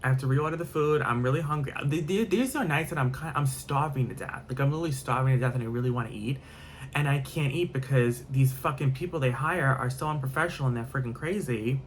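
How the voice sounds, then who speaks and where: A man's voice: mid-range voice, fast talker, a little hiss or hum. A man telling a rambling story-time vlog, repeating himself and swearing freely. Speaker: vlogger.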